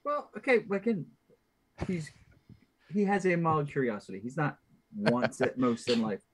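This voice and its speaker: A man's voice: a little high, unhurried, a little hiss or hum. A man, a player on a tabletop game stream, joking around in casual chat. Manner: joking, lively.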